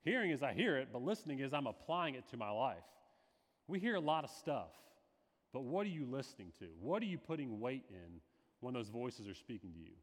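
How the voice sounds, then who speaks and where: A man's voice: mid-range voice, very animated, brisk, long reverb tail. A male pastor preaching a sermon, slipping into quoted voices with dramatic shifts.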